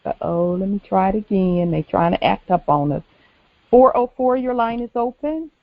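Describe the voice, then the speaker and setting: A woman's voice: medium pitch, expressive, normal speed, gravelly, no echo. A woman hosting a call-in show, casually taking callers and calling them sis. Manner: casual, warm-toned, calls people sis. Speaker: host. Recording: dry, dull lo-fi sound.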